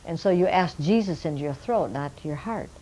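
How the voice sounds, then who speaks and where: A woman's voice: deep voice, lively intonation, fairly quick, mellow, poor audio. An older woman, a missionary Bible translator, earnestly telling a story from her work and addressing her listeners as friends. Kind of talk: storytelling testimony.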